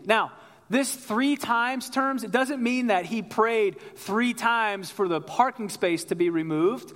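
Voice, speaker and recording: A male pastor with a high-pitched voice delivers a sermon in a relaxed, storytelling manner. He speaks straight to the congregation and invites them to answer. His voice rings with the long reverb of a large church hall. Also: a little slow. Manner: conversational storytelling, calls out to the congregation.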